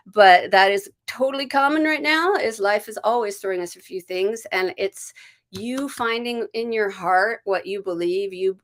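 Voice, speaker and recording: Woman, American accent, intuitive reader on a live stream, gentle, rambling, restarts, soft laughs, mid pitch. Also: normal speed. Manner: greets viewers warmly by name.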